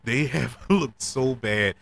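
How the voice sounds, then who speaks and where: A man's voice: mid-range voice, slow, creaky. A man hosting a podcast, talking casually and emotionally about wrestling, laughing now and then. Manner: animated, emotional, laughs between words. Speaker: podcast host. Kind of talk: casual wrestling recap monologue.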